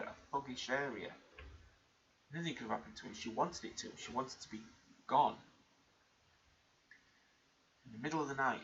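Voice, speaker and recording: A man vlogging, telling an emotional personal story in an earnest, rambling way with many restarts. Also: medium pitch. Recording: muffled lo-fi recording with faint background hiss.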